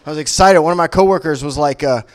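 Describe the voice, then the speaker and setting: A man from Memphis does stand-up in a casual, rambling way, full of quick asides and jokes at his own expense. His voice sits slightly high for a man. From Memphis, Tennessee. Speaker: stand-up comic. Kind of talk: stand-up set. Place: comic book shop venue.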